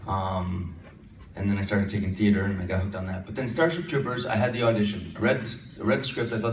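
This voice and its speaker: Guy telling jokey stories at a convention panel, mid pitch, big echoey hall, mic kinda far off, faint hiss. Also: a little fast. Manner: joking, self-deprecating storyteller. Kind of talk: casual anecdote telling. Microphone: handheld mic.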